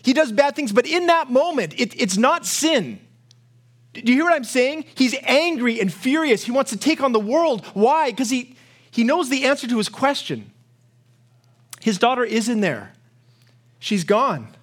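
A man's voice: very high-pitched, sing-song, unhurried, fairly bright tone. A male pastor preaching a sermon, telling stories with rising passion and often repeating words as he builds. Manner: impassioned storytelling, repeats words when worked up.

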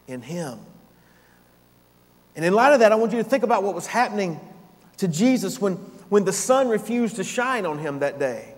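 Man preaching in a reverberant hall. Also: sits high. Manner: dramatic preaching, swelling loud then dropping to near-whisper. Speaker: pastor. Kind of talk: sermon.

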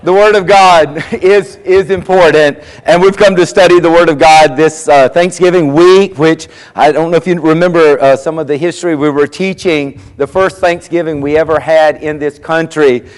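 High-voiced joking pastor in a big reverberant hall. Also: male voice, steady tone, moderate pace, few pauses. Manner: folksy storytelling, acts out voices in his jokes. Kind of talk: sermon with jokes. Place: church sanctuary.

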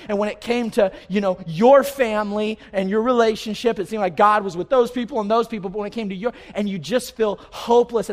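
A man preaching a sermon from the pulpit in a large church, with impassioned phrases that rise and fall, repeated lines and many restarts. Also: sits high. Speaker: pastor. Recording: live hall reverb.

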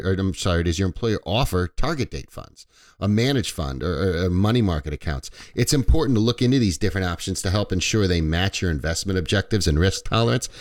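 A man hosting a financial radio show, slightly stuffy, explaining retirement investing in a relaxed way with fillers and small self-corrections. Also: low voice. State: a little stuffy. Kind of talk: conversational radio talk.

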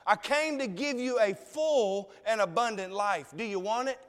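A man's voice: high-pitched, normal speed, long reverb tail. A man preaching a sermon, emotional and tearful, pressing his listeners with pleading questions.

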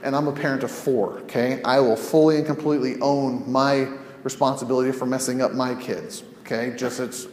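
A man's voice: mid-range voice, level tone, a little fast, darkish tone, slight background noise. A male counselor teaching in a conversational way, telling scenarios and asking rhetorical questions. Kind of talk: teaching podcast talk. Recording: echoey room with long reverb.

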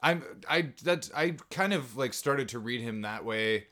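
A man's voice: mid-range voice, expressive, measured pace, pushed and bright. Hesitant man in casual podcast chat. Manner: hesitant, lots of fillers and restarts. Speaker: podcast co-host.

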